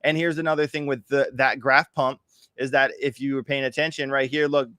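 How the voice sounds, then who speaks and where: A man's voice: mid-range voice, flat delivery, a little fast, bright, forceful tone, clean tone, no room sound, studio quality. A man hosting a casual crypto trading livestream, walking viewers through charts in a chatty, hyped, joking way. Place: home, in Miami.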